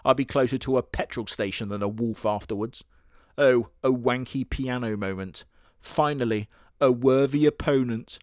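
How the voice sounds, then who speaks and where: A man doing comedic anime review narration in a sarcastic, crude, deadpan manner. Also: medium pitch, moderate pace, no room sound, clean studio sound. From Britain.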